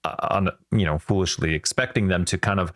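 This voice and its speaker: A man hosting a gaming podcast, talking in a rambling, excitable way and often correcting himself mid-sentence. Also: deep voice, fairly quick. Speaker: podcast host. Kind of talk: casual podcast chat.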